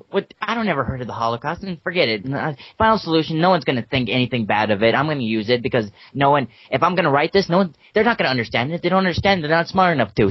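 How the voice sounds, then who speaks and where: A man's voice: a little high, no room sound. A man co-hosting a casual podcast, ranting and sarcastic. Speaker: podcast co-host. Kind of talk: casual chat. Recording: dull lo-fi sound.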